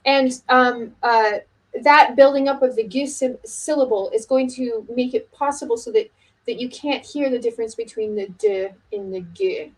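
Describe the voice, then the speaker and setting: A middle-aged woman teaching oboe technique in a relaxed video lesson, talking casually with many fillers and restarts. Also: sits high, moderate pace, low-quality recording.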